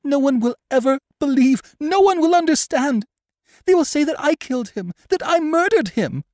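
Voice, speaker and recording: Man playing a frightened young woman, high and frantic, pleading, wide swings, dry close sound. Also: expressive, moderate pace, darkish tone, no room sound. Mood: sobbing. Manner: pleading, rising into frantic cries.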